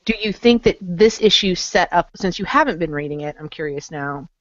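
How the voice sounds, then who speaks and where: Low-voiced woman hosting a comics chat. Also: animated, a little fast, dry recording. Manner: chatty, asks probing questions. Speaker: host. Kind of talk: casual chat. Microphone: video call. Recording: dull lo-fi online call.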